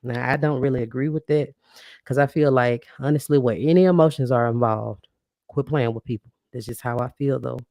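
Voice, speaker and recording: Speaking in a bass voice that is brisk and a little mellow, this podcast host chats animatedly with her live stream audience as she reads comments. She laughs a lot and calls them y'all. The studio sound is clean, with no room sound.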